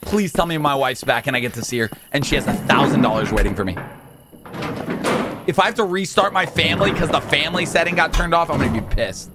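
A man hosting a let's play, joking and excitable, swinging from mumbles to shouts. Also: on the high side, fast talker, very noisy. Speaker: gaming channel host.

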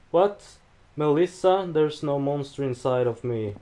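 Jumpy, high-voiced man playing a horror game. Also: a little slow, slight background noise. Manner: jumpy, swearing, panicky outbursts and nervous laughs; lively, dramatic pitch swings between yelps and mutters. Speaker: livestream gamer. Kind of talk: frightened horror game commentary.

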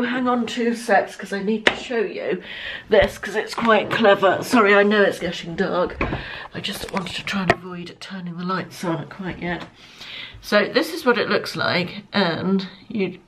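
Lady in her 50s, casual home vlog, lots of ums and little asides. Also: medium pitch. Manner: chatty, rambling, frequent ums and asides. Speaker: lifestyle vlogger. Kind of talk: casual chat to camera. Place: home, indoors.

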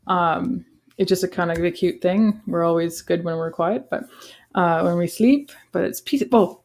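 A woman in her forties explaining a lesson to students in a relaxed, casual way, with frequent ums and self-corrections. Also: lowish voice, normal speed. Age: 40s. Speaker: teacher.

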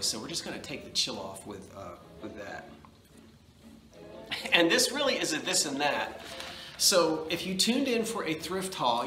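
A man's voice: on the high side, roomy sound. A man from New Jersey with a New Jersey accent, chatting casually to camera from his living room. He rambles with folksy asides and sounds a bit nasal from allergies. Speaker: vlogger, antiques seller.

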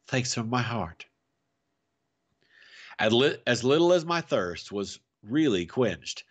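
A man reading a classic adventure novel aloud for families, with a dramatic, expressive delivery. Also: lowish voice. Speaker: storyteller.

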